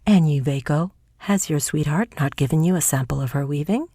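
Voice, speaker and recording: A woman reading aloud and voicing a kindly old farmer father who speaks in a gruff, exclaiming way. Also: deep voice, fairly quick, mellow, no echo, studio quality. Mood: hearty.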